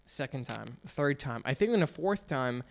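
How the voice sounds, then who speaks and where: A man co-hosting a casual podcast, telling a story in an animated way with frequent restarts. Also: medium pitch, moderate pace, gravelly, a little hiss or hum. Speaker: podcast co-host. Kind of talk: casual chat.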